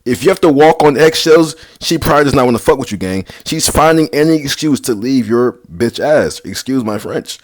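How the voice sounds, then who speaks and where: A man's voice: medium pitch, animated, a little fast, hardly any pauses. A young man rambling casually through dating advice, slangy and sarcastic, full of basketball lingo. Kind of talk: casual vlog talk.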